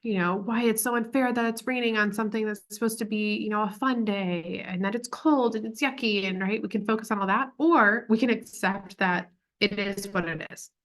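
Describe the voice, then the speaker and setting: Young mom educator chatting thru a parenting tip, loose and casual, lots of likes and ums. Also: female voice, medium pitch, a little fast, hardly any pauses, fairly bright tone. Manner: chatty, full of "like" and "um" fillers. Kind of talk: casual teaching talk.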